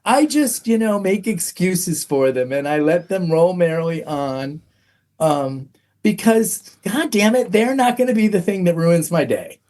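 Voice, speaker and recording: A man's voice: high voice, expressive, measured pace, a little mellow. A middle-aged man, a podcast guest, telling a personal story candidly, frank and self-mocking, with plenty of "um"s.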